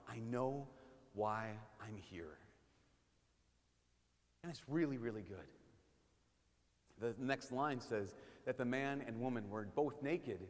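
A man preaching a sermon as a priest, casual and animated, sometimes dropping to a hush for emphasis. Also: fairly high pitch. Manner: conversational and animated, drops to hushed tones for emphasis. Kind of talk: sermon at a parish mission. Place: church. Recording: long reverb of a church hall.

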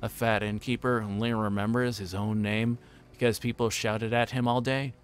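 A man voicing a stern, quiet male ranger who speaks low and measured, in a book reading. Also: little pitch movement, lightly acted.

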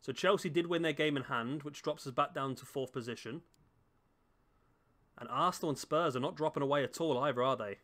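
A man's voice: on the high side, a little fast, a bit bright. Chatty man doing game commentary. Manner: chatty, self-mocking, talks to the players on screen. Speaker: gaming YouTuber. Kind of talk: casual gameplay commentary. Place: home room.

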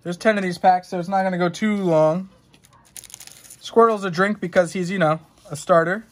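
His voice sits high and moves at a normal speed. He's a young streamer unboxing trading cards, talking to his chat in a rambling, profane, joking way.

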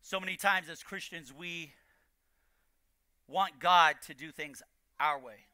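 A man preaching a sermon as pastor, building to shouted emphasis and repeating key lines. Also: a little high, takes it slowly, clear, resonant tone, dry recording, studio quality. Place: church.

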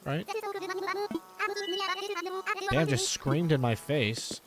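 A man streams live in a loose, chatty way, reacting out loud to whatever pops up and swearing when something catches him off guard. His voice sits at an ordinary middle pitch, and bright game music plays clearly behind him the whole time. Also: drawn-out words. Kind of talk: casual live-stream chat while playing.

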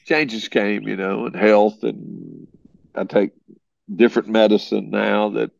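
Gravelly low-voiced man telling stories. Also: slow pace, no echo. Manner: folksy, animated when quoting others. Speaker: podcast guest. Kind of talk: conversational storytelling. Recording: dull, slightly lo-fi sound.

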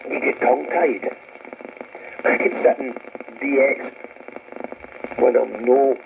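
A Scottish man with a very gravelly, creaky voice, talking bluntly and swearing freely as he gives advice. He comes through a thin, tinny radio transmission with a faint hiss underneath. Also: mid-range voice. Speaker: radio operator. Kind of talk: casual radio chat.

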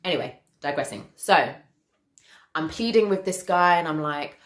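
A British woman in her twenties telling a personal story in a casual, animated way, acting out what people said. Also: on the low side, measured pace, echoey room. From United Kingdom. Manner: animated, acts out quotes, laughs often. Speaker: vlogger.

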